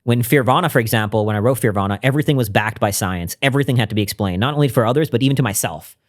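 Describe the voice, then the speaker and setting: A man as a podcast guest, telling a personal story in an earnest, reflective way and often dropping to a hushed voice. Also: mid-range voice, very fast. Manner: earnest and reflective, drops to a hushed voice when recounting intimate moments. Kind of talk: conversational interview storytelling.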